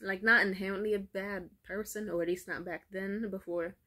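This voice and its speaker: Young adult woman, casual vlog rant, profane, filler-heavy, lively retelling. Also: medium pitch, normal speed. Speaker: vlogger.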